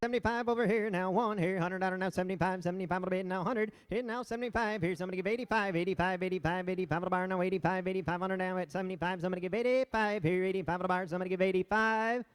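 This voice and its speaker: A man auctioneer with a Midwestern American accent, calling bids in a rapid, insistent chant. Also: sits high, fairly even intonation, smooth.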